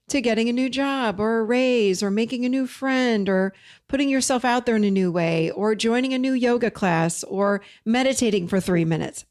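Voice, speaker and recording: A middle-aged woman, a therapist and life coach, giving an encouraging, conversational motivational talk straight to her viewers. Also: on the high side. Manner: warm encouraging, conversational, addresses viewers as you guys.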